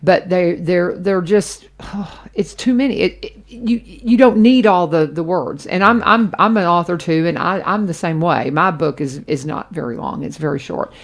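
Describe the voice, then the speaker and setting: A woman's voice: lowish voice, moderate pace. A woman radio host, talking in a chatty, enthusiastic way with many restarts. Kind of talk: casual radio chat.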